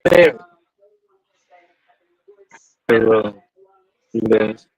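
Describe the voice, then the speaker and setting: A man's voice: on the low side, lively intonation, very slow, vocal fry, a little mellow, husky, no echo, exaggerated voice, rough recording. Man using a voice changer as Ghostface, taunting. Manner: repeats one greeting over and over in a taunting way. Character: menacing masked killer on a prank phone call. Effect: voice changer device.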